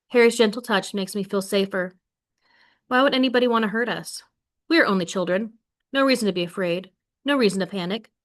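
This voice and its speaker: Brief: woman teacher, expressive read-aloud of a novel to a class, then plain questions for the students. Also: mid-range voice. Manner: expressive read-aloud, voicing quoted lines with more force.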